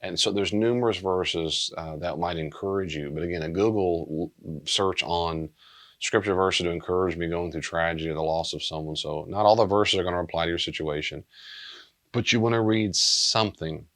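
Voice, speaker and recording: Low-voiced, subdued man teaching as pastor. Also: moderate pace, fairly bright tone. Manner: earnest, plain-spoken, subdued.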